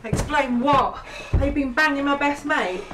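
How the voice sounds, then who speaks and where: A bitter, furious young fiancee, played by a woman, with a fairly high voice. The room sounds echoey, and noise is clearly heard behind her. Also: moderate pace, natural voice. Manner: bitter, shouting accusations. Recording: roomy, noisy.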